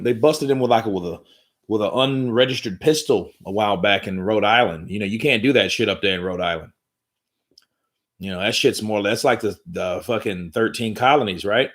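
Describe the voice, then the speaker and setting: Man hosting a live stream, lowish voice, rambling, swearing, joking, casual commentary. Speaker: boxing commentary host.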